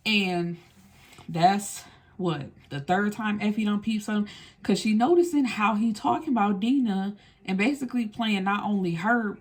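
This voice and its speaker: A woman's voice: medium pitch, moderate pace. A woman recapping a film in a casual, blunt and slangy way, swearing freely as she retells the story. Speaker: film reviewer.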